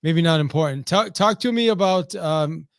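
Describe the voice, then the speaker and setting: A man's voice: a little high, moderate pace, creaky, slight background noise. A middle-aged man hosting an interview, easygoing and prone to short affirmations and loose questions. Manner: easygoing, with brief listening affirmations. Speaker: podcast host. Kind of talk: casual interview chat.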